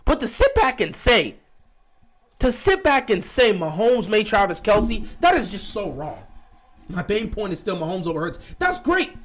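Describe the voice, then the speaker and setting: A man's voice: sits high, big pitch swings, normal speed. A young man hosting a live sports reaction stream, arguing with his chat in an exasperated, repetitive way. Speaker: livestream host.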